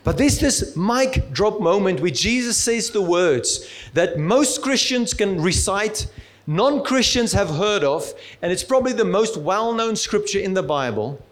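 A man's voice: sits high, lively intonation, measured pace. A male preacher giving a sermon in a conversational, humorous storytelling manner.

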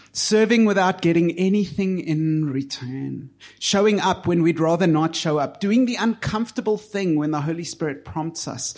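Earnest preacher with a fairly high voice. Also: male voice. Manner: earnest, building to emphatic peaks then dropping soft. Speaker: pastor. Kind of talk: sermon.

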